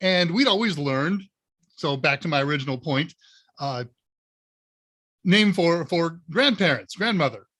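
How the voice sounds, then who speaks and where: A man from Northern Ohio hosts a live question-and-answer stream with a bright, forceful voice that sits a little high. He chats casually and wanders off into anecdotes, padding his sentences with fillers. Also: expressive, unhurried, long pauses. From Northern Ohio, USA. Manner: rambling anecdotal storyteller with many fillers. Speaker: live Q&A show host.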